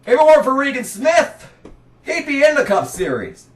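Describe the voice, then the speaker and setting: A man delivering a sarcastic, exasperated rant about motorsport, breaking into shouts now and then. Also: very high voice, sing-song, normal speed, far from the mic. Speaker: racing commentary vlogger. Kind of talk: ranting commentary. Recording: roomy, set back from the mic.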